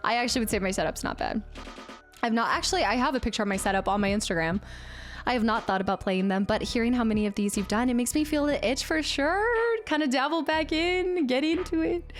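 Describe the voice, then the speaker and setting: Chatty woman streamer with higher voice. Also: quick pace, soft background music. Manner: chatty, laughs often, reads chat aloud. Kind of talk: casual chat with viewers. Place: home streaming setup.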